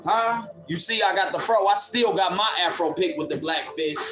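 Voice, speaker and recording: Man streaming a fiery, profane rant with a high voice, an echoey room and a beat under him. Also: moderate pace, music in the background. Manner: fiery, preachy, profane and confrontational. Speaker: livestream commentator. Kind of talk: impassioned live rant. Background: instrumental beat playing.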